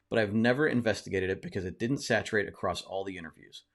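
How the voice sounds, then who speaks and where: Male host reading a book passage aloud on a live session, lower register, steady narration. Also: a little fast.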